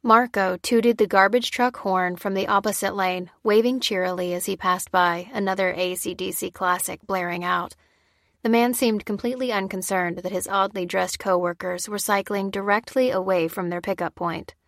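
A woman reading an audiobook chapter in a measured, steady scripted narration. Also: mid-range voice, dry recording, clean studio sound.

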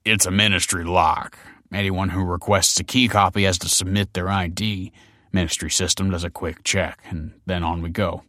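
A man puts on a stern middle-aged locksmith in a storybook reading. He is clipped and officious, with a low voice recorded close and dry. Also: flat delivery, moderate pace, sharp tone, no echo.

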